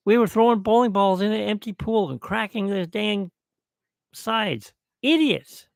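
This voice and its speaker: A middle-aged man talks slowly through a rambling podcast toast, reminiscing as he goes. His voice is deeply gravelly with heavy fry. The sound is dry and close, with no room echo. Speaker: podcast host. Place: at home, alone.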